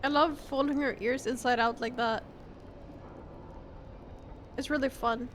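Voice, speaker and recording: A woman's voice: sits high, steady tone, measured pace, slight background noise. A woman streamer chatting casually with her viewers about her cat, her voice nasal from a cold, swearing and laughing often. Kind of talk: casual live-stream chat.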